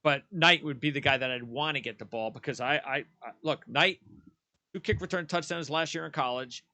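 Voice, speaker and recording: His voice is on the high side, pushed and bright, a little fast, with no room sound. As a sports talk show co-host, he makes his roster picks in casual, emphatic, opinionated debate, frequently starting over.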